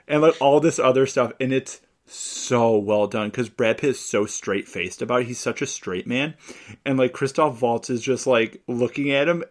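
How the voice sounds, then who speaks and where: A young man co-hosting a casual movie podcast, enthusiastically retelling his favorite scenes. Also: mid-range voice. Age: young adult. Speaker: podcast co-host.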